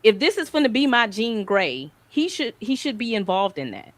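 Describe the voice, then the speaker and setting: A woman's voice: on the high side, very animated, moderate pace, no room sound. Emphatic woman in dry close sound. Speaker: podcast co-host. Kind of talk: casual chat.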